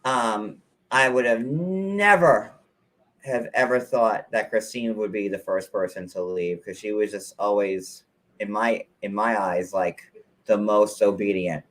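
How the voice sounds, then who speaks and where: A man hosting a casual gossip chat, telling stories in an animated, theatrical, campy way. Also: fairly low pitch, unhurried. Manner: animated, camp, theatrical storytelling. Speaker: show host.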